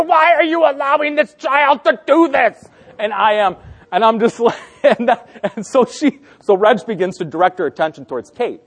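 A man in his thirties preaching a sermon, telling a family story and acting out his family's lines with frequent laughter. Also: high-pitched. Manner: laughing often through the story. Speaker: pastor.

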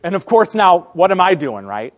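A man's voice: high-pitched, big pitch swings, normal speed. A man in his thirties preaching a sermon, telling a family story and acting out his family's lines with frequent laughter. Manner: laughing often through the story. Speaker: pastor.

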